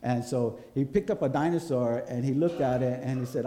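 Mellow-voiced preacher in a roomy church. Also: male voice, medium pitch, brisk. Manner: storytelling, checking in with the congregation. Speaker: pastor. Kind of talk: conversational sermon. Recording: roomy hall echo.

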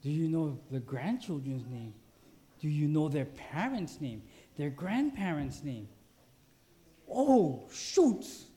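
Male preacher, high-pitched, lively storytelling sermon delivery. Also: unhurried. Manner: animated, acts out quoted voices. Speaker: pastor.

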